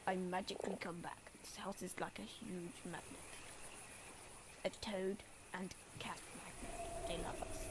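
A woman puts on a secretive toad for a game playthrough, whispering low and slow with a rough, gravelly edge. Loud noise hisses under the voice. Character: secretive warning male toad. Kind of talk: let's play voice acting. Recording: noisy game capture audio.

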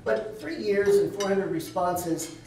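A man's voice: high-pitched, expressive, unhurried, darkish tone, a little hiss or hum. A man giving a keynote talk at a dinner event, telling a long anecdotal story with touches of light humor. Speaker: keynote speaker. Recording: echoey hall, voice from far off.

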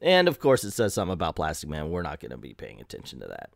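Sarcastic, animated man reviewing comics. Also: rumbling low, fast talker, gravelly, no room sound, studio quality. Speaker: comic book reviewer host. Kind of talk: casual comedic review.

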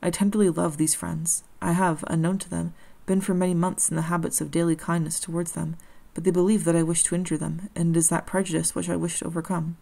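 Woman reading as a gentle, lonely creature. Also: lowish voice, flat delivery, fast, creaky, few pauses. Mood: earnest. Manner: earnest, formal old-fashioned speech. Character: gentle pleading male creature, lonely and hopeful.

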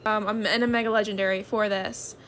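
A woman's voice: medium pitch, level tone, brisk, fairly bright tone, a little hiss or hum. A woman hosting a gaming channel in casual chat, calling her viewers y'all and bestie. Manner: chatty, keeps addressing viewers as y'all and bestie.

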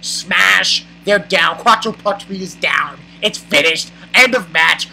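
A manga reviewer giving a casual, excited chapter recap, rambling and exclaiming with laughs. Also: medium pitch, takes it slowly, gravelly, low-quality recording.

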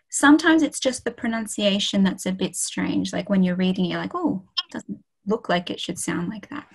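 A woman's voice: fairly low pitch, creaky, breathy edge, low-quality recording. A young woman tutoring a beginners' French class online, chatty and encouraging, with frequent fillers. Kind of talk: online language lesson.

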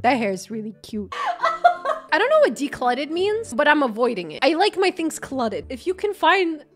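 A young woman streamer talks over a game in casual, profane commentary, swinging from loud outbursts to muttered asides. Her voice sits high and swoops all over. Faint music plays behind her. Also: sing-song, normal speed. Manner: swearing, joking, jumps between loud and mumbled. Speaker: gaming streamer.

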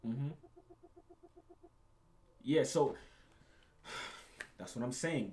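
A man's voice: medium pitch, animated, very slow, long pauses, darkish tone. A young man hosting a reaction video, ranting casually and profanely, repeating himself and calling the listener bro.

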